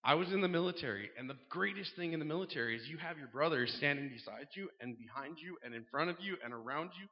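A man's voice: on the high side, lively intonation, fast talker, hardly any pauses. A man talking casually to a congregation, candid and joking, with lots of "um"s and acted-out dialogue. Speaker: church member announcing a men's group. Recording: dull sound, long reverb in a large room.

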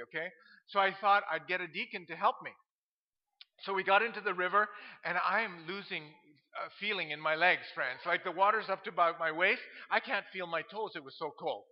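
A middle-aged man who is a pastor, telling funny stories from the pulpit in an animated way and laughing at his own tales. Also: sits high, brisk. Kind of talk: humorous sermon storytelling. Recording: dull lo-fi sound.

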